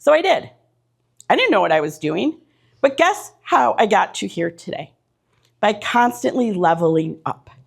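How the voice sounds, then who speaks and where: A middle-aged woman speaking from the front of an event room, her voice sitting a little high. She delivers a motivational talk in punchy, direct bursts, stacking short repeated lines for the audience. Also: husky. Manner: punchy, direct, repetitive lists. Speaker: keynote speaker.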